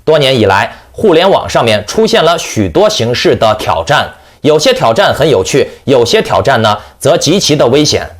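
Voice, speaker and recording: A man's voice: medium pitch, big pitch swings, moderate pace, few pauses. A man hosting a commentary vlog, emphatic and exclamatory, talking of himself in the third person. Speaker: political commentary host.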